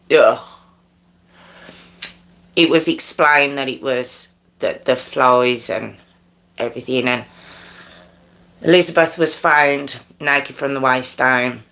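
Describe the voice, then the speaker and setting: A woman's voice: very deep voice, gravelly, fairly bright tone. A woman hosting a true crime livestream, telling the story in a casual, conversational way with many asides and restarts, checking in with her listeners.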